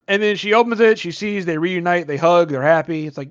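A man's voice: high voice, fast, a bit bright. A man retelling a movie plot in a casual, rambling, profane way, joking as he goes. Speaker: podcast co-host. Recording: dull lo-fi sound.

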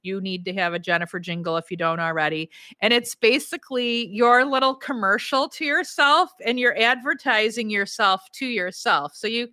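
A woman's voice: on the high side, moderate pace, few pauses, pushed and bright, no room sound, studio quality. A woman hosting a podcast, giving enthusiastic self-help advice, laughing often and acting out quoted lines. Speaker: podcast host. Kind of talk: upbeat coaching talk.

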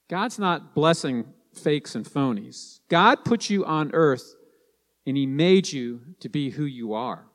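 A man's voice: fairly high pitch, lively intonation, measured pace, long reverb tail. A man preaching a sermon to his congregation, stressing points and repeating key lines.

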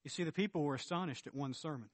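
A man preaching a sermon as pastor, emphatic, swinging between loud declarations and low, earnest tones. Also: rapid-fire, no echo.

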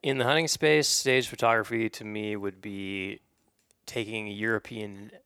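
A man co-hosting a podcast who explains his ideas in an easy, casual way. His voice is fairly low with a gravelly fry. The close mic gives a dry sound. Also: steady tone, normal speed, pushed and bright, dry recording. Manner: explanatory, laughs easily. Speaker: podcast co-host, hunting photographer.

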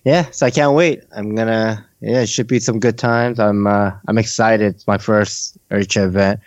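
A man's voice: fairly low pitch, fairly even intonation, moderate pace, dry recording. A man hosting a casual hobby podcast, chatting in a laid-back way with many fillers. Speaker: podcast host. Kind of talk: casual chat.

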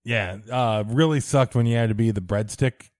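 A man co-hosting a podcast in relaxed casual chat, easygoing and unhurried with plenty of fillers. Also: medium pitch, no echo, studio quality. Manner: laid-back, easygoing, many uh fillers. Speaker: podcast co-host.

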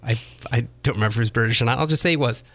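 A man co-hosting a relaxed chat, his voice sitting mid-range with a lot of gravel and fry in it. He tells stories with a dry, wry humor, pausing and restarting as he goes. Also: mid-range voice. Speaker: co-host. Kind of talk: casual chat.

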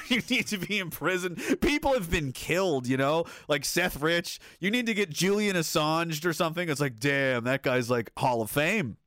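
A man's voice: on the high side, expressive, normal speed, fairly bright tone, no echo, studio quality. A man hosting a livestream and reading chat aloud, riffing sarcastically with lots of swearing and laughter.

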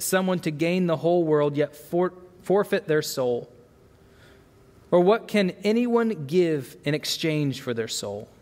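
High-voiced man preaching in a reverberant hall. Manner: earnest, asks rhetorical questions, stumbles into repeated words. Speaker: pastor. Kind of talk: sermon. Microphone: microphone.

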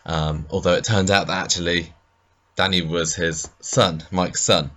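A man's voice: low-pitched, steady tone, a little slow, a bit bright. A man co-hosting a casual podcast, easygoing, chuckling and using hesitant fillers. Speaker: podcast co-host.

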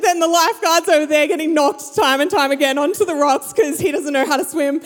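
This is a young woman, speaking high in her range. She tells a story to an audience in a large hall and acts out the people in it. Her voice carries a long reverb from the room. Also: normal speed, hardly any pauses. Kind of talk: storytelling talk to a live audience.

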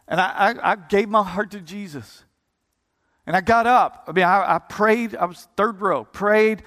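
With passion, a man tells his story while preaching a sermon, repeating and restarting words in bursts. His high, fairly bright voice moves at a moderate pace, and live keyboard music plays beneath a long hall reverb.

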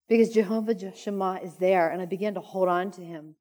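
A woman's voice: fairly low pitch, fairly even intonation, fast talker, mellow. A middle-aged woman speaking at a conference, telling a personal story in an earnest, emotional way. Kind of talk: personal testimony talk. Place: conference hall. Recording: echoey hall reverb.

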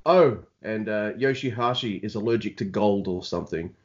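A man's voice: fairly low pitch, normal speed, highs cut off. A man hosting a podcast in casual, rambling, self-deprecating chat. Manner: rambling, self-deprecating, many fillers and restarts. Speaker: podcast host.

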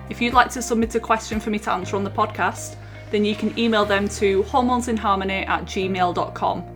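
A woman hosting a podcast, reading a scripted intro in a clear, friendly, measured way before welcoming her guest. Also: medium pitch. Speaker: podcast host.

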